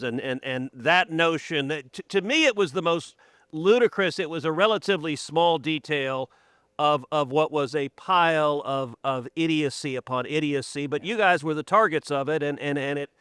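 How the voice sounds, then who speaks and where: Host guy, bright crisp voice, dry close sound, chatty. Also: on the high side, normal speed, no echo. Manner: conversational, repeats words when starting. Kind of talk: political interview.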